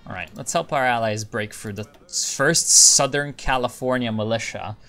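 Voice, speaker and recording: A man's voice: mid-range voice, normal speed, bright, forceful tone, soft background music. A man giving casual, rambling commentary on his strategy gameplay, thinking aloud and restarting sentences. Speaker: gaming video creator.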